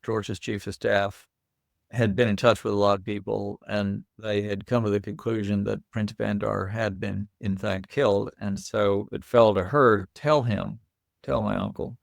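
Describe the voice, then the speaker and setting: Gravelly low-voiced older man. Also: normal speed, dry recording, studio quality. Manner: lively anecdotal storyteller. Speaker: guest. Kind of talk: casual interview storytelling.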